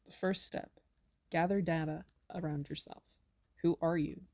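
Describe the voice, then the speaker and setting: A young woman with a low voice talks through spiritual advice in a chatty, earnest way. She acts out inner voices with big swings in tone. Her voice sounds dry and close, with no room echo. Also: steady tone, measured pace, a little mellow. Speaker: spiritual wellness vlogger. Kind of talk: casual spiritual advice talk.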